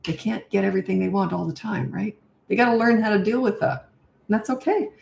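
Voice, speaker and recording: A woman's voice: mid-range voice, brisk, vocal fry, a little mellow, slight background noise. An older woman, a parenting coach, answering viewer questions in a chatty, direct way. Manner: chatty and direct, reads comments aloud. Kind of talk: live Q&A answering viewer comments. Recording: echoey room.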